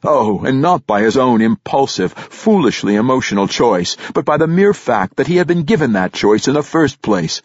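Expressive male audiobook narrator. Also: mid-range voice, normal speed, hardly any pauses, no echo, muffled recording. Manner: expressive, dramatic storytelling. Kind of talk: scripted fantasy narration.

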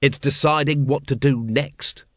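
A man's voice: mid-range voice, steady tone, measured pace, no echo, close to an everyday voice. A man reading an audiobook, voicing a weary, blunt middle-aged watch captain with a terse, dry manner. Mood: grim.

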